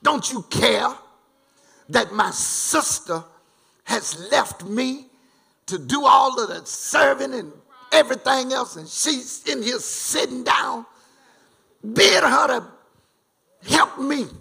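A preacher acting out an indignant, scolding Martha. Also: male voice, very high voice, lively intonation, slow, vocal fry, pauses often, breathy edge, pitched above the performer's own voice, exaggerated voice. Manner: indignant, loud complaining. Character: exasperated busy woman scolding her guest.

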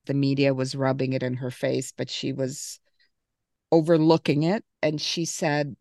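Podcast host, woman, low with vocal fry, relaxed recap style. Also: measured pace, no echo, clean studio sound. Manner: recaps and reads quotes, laughs easily. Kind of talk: casual book-club chat.

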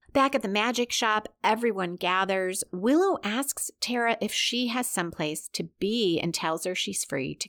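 A woman's voice: mid-range voice, a bit bright. A woman recapping a TV episode scene by scene, reading out timestamps and adding brief asides. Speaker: podcast host.

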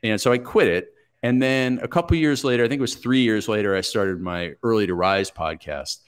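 A man in his forties speaks as a podcast guest, his voice sitting slightly low. He tells his stories in a plain-spoken, reflective and steady manner. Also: fairly quick, smooth. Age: 40s. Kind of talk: conversational interview storytelling.

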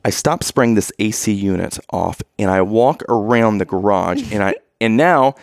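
A man's voice: lowish voice, normal speed, gravelly, no room sound. A man casually telling a story on a podcast, acting out the people in it as he goes. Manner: animated storyteller, acts out quoted exchanges.

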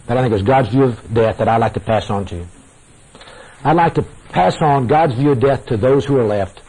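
Emphatic husky man preaching a sermon. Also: medium pitch, mellow, low-quality recording. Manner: emphatic, repeating phrases for effect, addresses listeners as guys. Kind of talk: sermon to a congregation.

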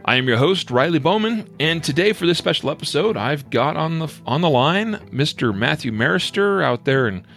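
A man's voice: a little high, animated, moderate pace, gravelly, few pauses, a bit bright. A man hosting a podcast in a casual, folksy way, rambling with many fillers and restarts. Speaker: podcast host.

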